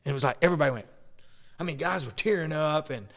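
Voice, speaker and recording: A man's voice: a little high, fast talker, fairly bright tone, in a large hall. A man hosting a podcast, telling stories in a rambling, casual way with frequent restarts and laughs. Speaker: podcast host. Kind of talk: casual conversation.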